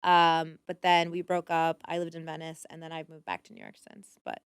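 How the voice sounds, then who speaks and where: A woman chatting as a podcast guest, candid and loose, dropping swear words and quick asides. Her voice is smooth and clear. The sound is dry and close. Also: low-pitched, completely flat delivery, dry recording. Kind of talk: casual chat.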